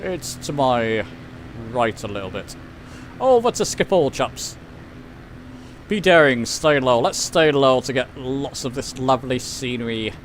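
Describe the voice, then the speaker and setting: A man's voice: medium pitch, lively intonation, measured pace, slight background noise. A man with an English accent giving casual live commentary while flying a simulator, chatty and self-deprecating as he answers his chat. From England. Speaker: flight sim streamer.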